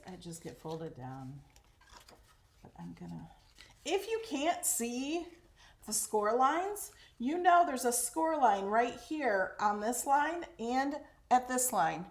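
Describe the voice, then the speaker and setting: A woman hosting a casual craft tutorial, chatty and excitable as she talks through each step while working. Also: fairly high pitch, slow pace, creaky. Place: craft room at home. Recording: echoey room, faint noise.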